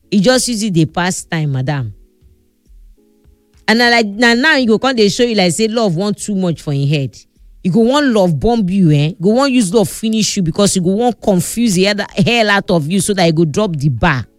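A woman's voice: lowish voice, no echo. Nigerian Pidgin woman, blunt advice vlogger, dry close voice, faint music under her. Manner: scolding, emphatic, repeats for stress. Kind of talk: casual advice talk.

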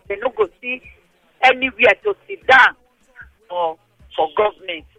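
Woman, Nigerian Pidgin, phone-in radio host, lively swooping pitch, dry close sound. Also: gravelly, no echo, rough recording. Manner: animated, scolding commentary. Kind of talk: casual radio phone-in chat.

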